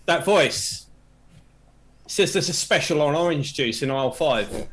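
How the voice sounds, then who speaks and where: A man's voice: fairly high pitch, expressive, a little slow, slight background noise. A man playing a tabletop game, narrating his character's actions in a joking, playful way. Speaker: player.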